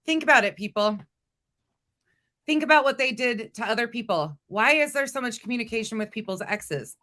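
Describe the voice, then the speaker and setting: Host of a gossip chat: a woman with a bright, clear voice who asks the viewers rhetorical questions. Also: fairly high pitch, lively intonation, normal speed.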